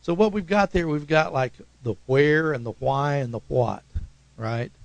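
A man with an Oklahoma accent preaching a sermon as pastor, talking in a conversational, emphatic way and swinging suddenly between loud and soft. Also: fairly high pitch, a little slow, creaky, no echo, dull audio.

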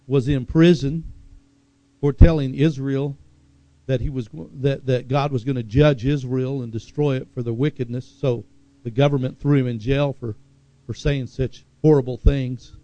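A man's voice: mid-range voice, fairly even intonation, measured pace, dark tone, no echo. Man, middle-aged, preacher, sermon, dry close sound, slightly dull recording. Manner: conversational preaching, reads scripture aloud with asides.

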